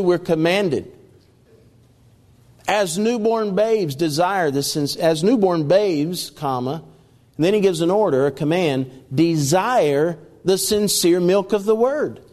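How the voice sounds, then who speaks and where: High-voiced emphatic male preacher. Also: darkish tone, long reverb tail. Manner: emphatic preaching with repeated phrases and scripture reading. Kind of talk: sermon.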